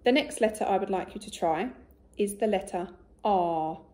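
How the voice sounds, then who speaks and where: A woman teacher giving a recorded phonics lesson to young children, speaking slowly and clearly and praising often. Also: medium pitch, a little mellow. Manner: slow, clear and encouraging, with much praise. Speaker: primary school teacher.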